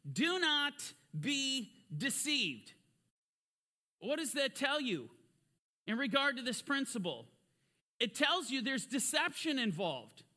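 A man preaching through a Bible lesson in a high, bright voice. He speaks with emphatic fervor and keeps pressing his listeners with rhetorical questions. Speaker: Bible teacher. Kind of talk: sermon-style Bible teaching.

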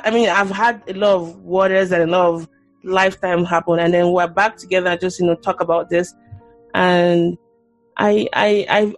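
A woman's voice: on the low side, no echo. A woman hosting a podcast, speaking earnestly and reflectively and thinking aloud as she talks. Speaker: podcast host. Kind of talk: candid conversation.

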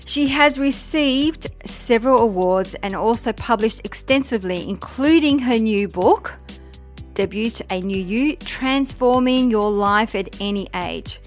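A woman's voice: a little high, unhurried, soft background music. A woman hosting a podcast, reading an introduction and then chatting in a friendly, filler-filled way. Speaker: podcast host. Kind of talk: scripted intro, then casual chat. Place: Australia.

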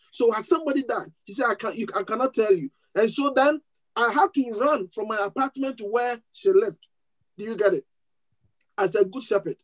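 A man preaching to a congregation. He tells a story in an animated way, often restarting his words and laughing as he goes. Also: sits high, poor audio. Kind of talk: sermon storytelling.

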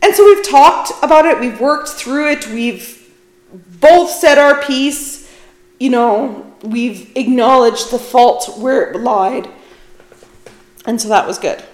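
A middle-aged woman hosting her own podcast speaks slowly in a voice on the high side. Her solo talk is casual and candid with self-deprecating touches, and the room around her echoes.

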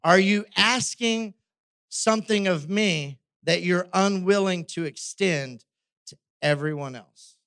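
Brief: male preacher as God, patient and probing, higher male voice. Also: slow pace, fairly bright tone, clear, resonant tone, no room sound, clean studio sound, exaggerated voice. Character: God, patient male deity questioning a believer.

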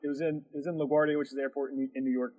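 A man's voice: medium pitch, flat delivery, very fast, mellow, slightly rough, poor audio. A man who runs a production company, telling a story in casual chat, rambling with lots of fillers and laughing as he goes.

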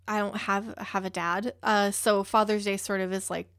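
A woman's voice: mid-range voice, little pitch movement, moderate pace, dry recording, clean studio sound. A young woman telling a personal story in a rambling, emotional way, with a few swear words.

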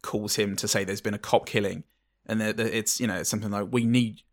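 Wry podcast co-host, lowish voice, halting delivery. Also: male voice, flat delivery. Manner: halting, wry, repeats words as he thinks. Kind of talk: casual film review chat.

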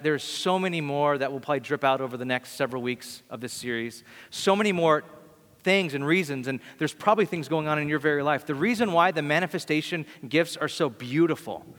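A man's voice: fairly high pitch, fairly bright tone. Pastor man preaching in echoing hall. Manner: casual storytelling, acts out quoted voices. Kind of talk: sermon storytelling. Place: church hall. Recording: long hall reverb.

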